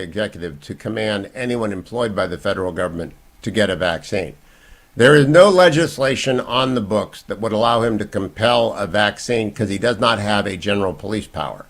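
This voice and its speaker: A man hosting a talk radio show, delivering an opinionated monologue with emphatic bursts and quieter asides. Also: animated, fairly quick. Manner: emphatic, swinging from loud bursts to low asides.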